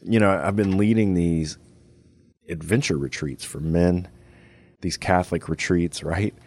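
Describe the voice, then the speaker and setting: A man with a very deep, low voice and a Cajun accent hosts a relaxed radio and podcast conversation. He rambles easily, filling his thoughts with "you know" and "right?". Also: a little slow. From Louisiana. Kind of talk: casual chat.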